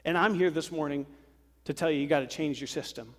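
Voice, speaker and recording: A man preaching a sermon to a congregation, lively and acting out worried voices. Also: on the high side, a little fast. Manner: animated, acts out worried voices. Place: church sanctuary. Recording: long hall reverb.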